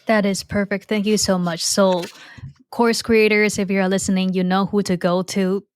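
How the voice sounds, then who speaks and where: A woman's voice: medium pitch, flat delivery, normal speed, clean tone, no room sound, studio quality. A woman hosting a podcast interview, speaking enthusiastically with frequent fillers and hesitations. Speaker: podcast host. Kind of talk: casual interview chat.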